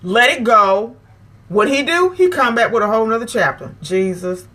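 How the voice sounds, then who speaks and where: On her own channel, a woman with a high-leaning, slightly bright voice and lively intonation preaches advice to camera at a normal speed. She stresses her message forcefully, circling back to the same phrases.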